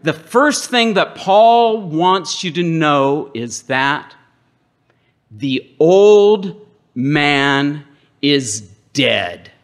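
A middle-aged man preaching a sermon as pastor, emphatic, with dramatic pauses and call-and-response with the congregation. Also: medium pitch, fairly bright tone.

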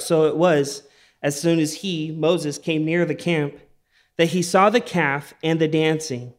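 A man preaching a sermon as a pastor, reading and retelling stories in a conversational way and asking the audience questions. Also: a little high. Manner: conversational storytelling, asks the audience.

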